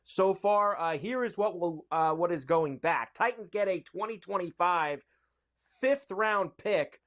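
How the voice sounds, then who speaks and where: A man's voice: sits high, measured pace, a bit bright. A man hosting a sports betting show, reading trade news and odds in an upbeat way with frequent fillers.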